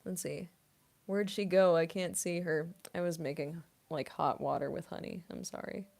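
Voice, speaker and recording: A woman's voice: lowish voice, steady tone, normal speed, vocal fry, darkish tone. A young woman voice actress chatting casually on a livestream Q&A, rambling with lots of fillers and frequent giggles. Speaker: voice actress streamer.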